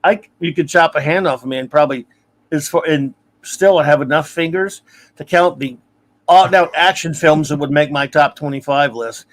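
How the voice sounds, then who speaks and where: A man's voice: fairly high pitch, moderate pace. A man who is a guest on a casual film discussion. He speaks thoughtfully, hedges his opinions and reads viewer comments aloud.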